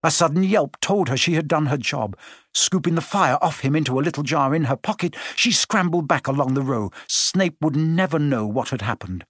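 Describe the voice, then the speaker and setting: A man narrating a story aloud, expressive and changing his pace as he reads. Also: on the high side, moderate pace, slightly rough, dry recording, studio quality. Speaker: audiobook narrator. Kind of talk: scripted narration.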